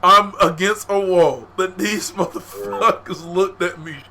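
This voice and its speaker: A young man and podcast co-host telling a story in casual, animated speech, with lots of profane slang and frequent laughter. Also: high-pitched, unhurried, creaky.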